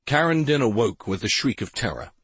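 Male narrator, husky, low, lively intonation, dry studio sound, audiobook. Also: a little fast, no echo. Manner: expressive, dramatic storytelling. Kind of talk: scripted narration. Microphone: close studio mic.

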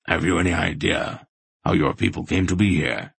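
A man reading an audiobook and voicing a shrewd, gruff old sorcerer in a dry, measured way. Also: sits low, a bit bright, no echo, heavily acted. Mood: thoughtful.

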